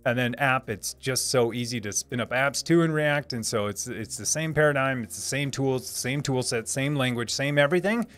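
A man's voice: mid-range voice, moderate pace, hardly any pauses, a bit bright, faint music behind. A man in his thirties hosting a casual live stream, reading viewer comments aloud, chatty, laughing often and repeating words as he restarts sentences.

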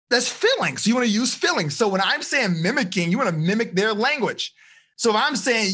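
A male life coach gives a live seminar with constant, animated energy. His voice sits high and sounds bright and forceful. He keeps checking in with his listeners as he teaches. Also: brisk, husky. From United States. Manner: energetic, animated, addresses audience with frequent okay and like.

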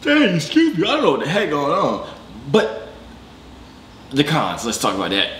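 Animated slangy young man reacting. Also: normal speed, echoey room, a little hiss or hum. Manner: animated, joking, slangy, jumps to high excited pitch. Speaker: reaction video host. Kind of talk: casual reaction commentary.

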